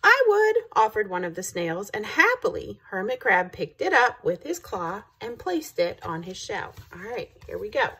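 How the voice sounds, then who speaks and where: A woman reading a picture book aloud to children, pausing to ask them questions. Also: medium pitch, big pitch swings, a bit bright, breathy edge. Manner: engaging, asks the listeners questions.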